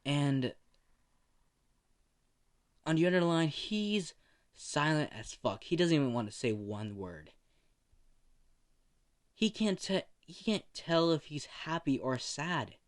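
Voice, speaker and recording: A man's voice: a little high, big pitch swings. A young man casually telling a profane fan fiction story in a rambling way. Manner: slow, rambling, profane, laughs at his own story.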